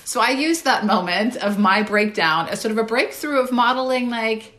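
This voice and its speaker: A woman's voice: fairly high pitch, moderate pace, fairly bright tone. Conversational woman hosting a parenting talk. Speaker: parenting webinar host. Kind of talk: casual advice talk.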